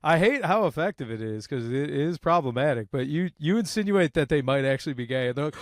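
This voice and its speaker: A young man with a fairly high voice, swearing and laughing through crude podcast banter. He jumps into acted-out quotes and sounds sweaty and hot. The sound is close and dry. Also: animated, fast, hardly any pauses, no room sound. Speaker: podcast co-host.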